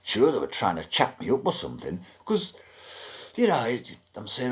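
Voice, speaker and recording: A man's voice: mid-range voice, huge pitch swings, moderate pace. A man with a British accent ranting bluntly to camera, griping and swearing freely. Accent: British English. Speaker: vlogger. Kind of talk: ranting monologue.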